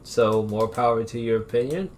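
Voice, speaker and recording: A man co-hosting a podcast, ranting in a profane, animated casual chat. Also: mid-range voice, normal speed, a little hiss or hum. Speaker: podcast co-host.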